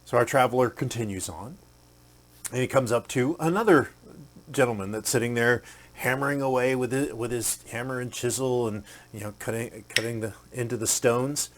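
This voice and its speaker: A man's voice: mid-range voice, normal speed, a little hiss or hum. A man hosting a podcast, telling a motivational story in a conversational way with many fillers and acting out the quoted characters. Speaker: podcast host.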